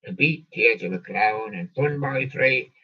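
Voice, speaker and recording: Slow, joking man, lo-fi distant sound. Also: mid-range voice, lively intonation, slightly rough. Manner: slow, punning, quips after each song title. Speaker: show host reading out song lists. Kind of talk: rambling live-stream chat with jokey asides. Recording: dull lo-fi sound, off-mic.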